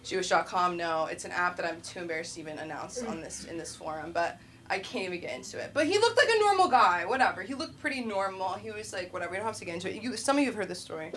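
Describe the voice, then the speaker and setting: A woman's voice: lowish voice, rapid-fire, fairly bright tone. Chatty woman hosting a comedy open mic. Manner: chatty, laughing, acts out both sides of stories. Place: comedy club stage.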